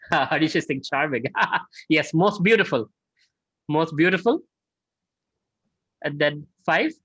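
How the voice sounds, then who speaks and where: A lively man leads a scripture class over a video call. His pitch swings widely as he talks, and his sound is dull and close with no room around it. He speaks conversationally and keeps checking in with his listeners. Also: takes it slowly, long pauses, slightly rough, dry recording. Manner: animated, conversational, asks the class questions. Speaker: spiritual teacher. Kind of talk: online scripture class, storytelling. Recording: dull dry online audio.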